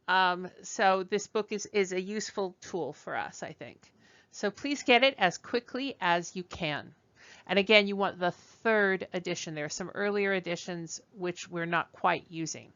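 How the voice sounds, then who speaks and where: A woman teaching a French class, slow and patient, modeling sounds for students to repeat. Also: lowish voice, fairly bright tone, clean tone, no room sound, dull audio. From United States. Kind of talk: classroom lesson.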